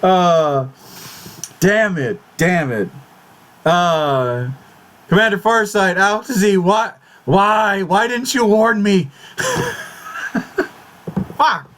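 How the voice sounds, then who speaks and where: A man hosts his own casual vlog, fretting out loud and swearing as he goes. His voice sits a bit high and swings widely in pitch, full of restarts and exclamations. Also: expressive, drawn-out words, pauses often. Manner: swears a lot, repeats and restarts words in agitation; fretful, exclamatory. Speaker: YouTube channel host.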